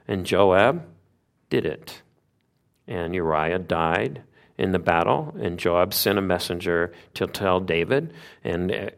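Male preacher, lowish voice, animated storyteller posing questions to the congregation. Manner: animated retelling with rhetorical questions. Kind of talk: sermon storytelling.

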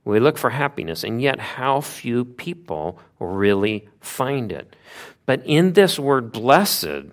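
A man preaches a sermon, retelling a Bible story with lively asides and rhetorical questions. His voice is medium-pitched and his pace slow.

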